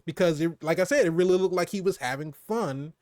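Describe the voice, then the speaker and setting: A man co-hosting a casual movie review chat, animated and laughing often, his voice dropping low for emphasis. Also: fairly quick, no echo, clean studio sound.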